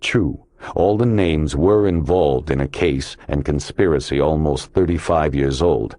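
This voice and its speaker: Very deep-voiced male audiobook narrator. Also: a little slow, dark tone, no room sound, clean studio sound. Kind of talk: scripted narration.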